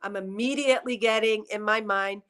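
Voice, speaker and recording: A woman's voice: medium pitch, fairly even intonation, fairly quick, a bit bright, clear, resonant tone. A woman doing a psychic reading on a headset mic, emotional and tearful as she rambles through her impressions. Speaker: psychic reader. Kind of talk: spiritual reading session.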